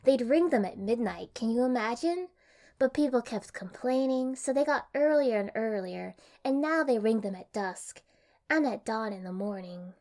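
A woman voicing a friendly, gossipy older village woman in a bright, chatty, animated way, as an audiobook character. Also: a little high, moderate pace, pitched above the performer's own voice.

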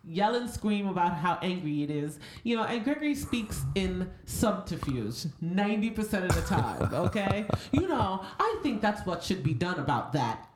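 Female podcast co-host, teasing, very lively pitch, roomy echo. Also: normal speed, few pauses, noisy background. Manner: teasing, laughing, pressing questions. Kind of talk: casual chat.

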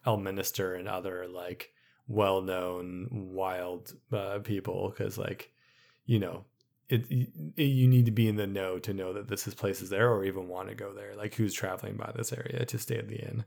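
A man co-host with a low, gravelly voice chats about tabletop lore. He talks hesitantly with many fillers, and he agrees readily with his co-host. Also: steady tone, normal speed, darkish tone. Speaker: podcast co-host. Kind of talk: casual chat about tabletop game lore.

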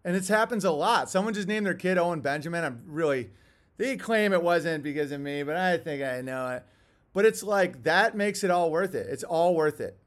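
A man's voice: fairly high pitch, animated, moderate pace. A man hosting a casual monologue, rambling through tangents with chuckling asides. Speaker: host.

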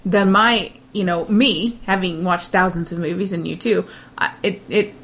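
A woman co-hosting a casual podcast chat, an animated storyteller full of quick asides. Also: on the low side, a little hiss or hum. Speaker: podcast co-host.

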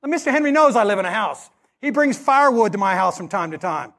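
A man with a high voice preaches a sermon as pastor at a quick pace. He tells stories and acts out the dialogue with animated delivery.

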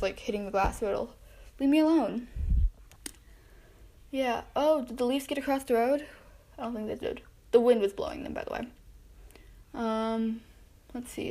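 A woman's voice: fairly high pitch, mellow. A young woman hosting a casual solo podcast from home, chatting and narrating the animals she spots through her window, easily distracted and talking to them directly. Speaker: podcast host. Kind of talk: casual solo chat narrating backyard wildlife.

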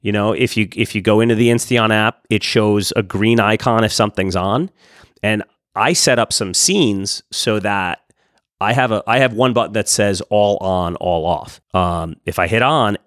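A man with a fairly low voice talks casually on a podcast, rambling a little and restarting his sentences. He sounds frank and at ease. The recording is dry and close. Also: moderate pace, fairly bright tone, dry recording. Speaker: podcast co-host. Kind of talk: casual chat.

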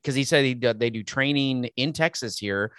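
Guy hosting a podcast, keeps restarting and repeating himself, medium pitch, dry close sound. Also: fairly bright tone, clean tone, no room sound. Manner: halting, restarts and repeats words. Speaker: podcast host. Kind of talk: casual interview chat.

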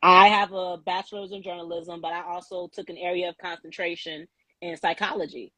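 A woman's voice: lowish voice, steady tone, fairly quick, sharp tone, no echo, low-quality recording. A woman hosting a live podcast, chatty and outspoken, laughing often as she talks. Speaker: podcast host.

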